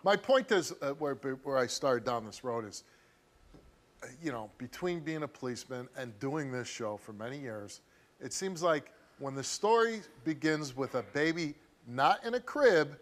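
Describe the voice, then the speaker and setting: A man's voice: mid-range voice, animated, normal speed. A man hosting a TV talk show, questioning a guest in a probing, conversational way with many fillers.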